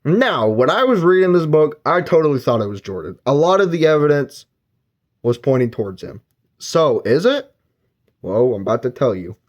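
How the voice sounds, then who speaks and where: A man's voice: on the high side, big pitch swings, normal speed, lo-fi sound. A man giving a casual, rambling spoken book review, retelling the plot and briefly acting out characters' lines. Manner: rambling plot recap with filler words.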